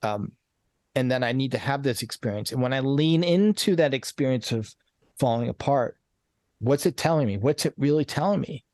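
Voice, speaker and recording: A coach guesting on a podcast speaks in a mid-range, darkish voice at a normal speed. Over a casual conversational interview he stays earnest while rambling, often restarting and repeating words.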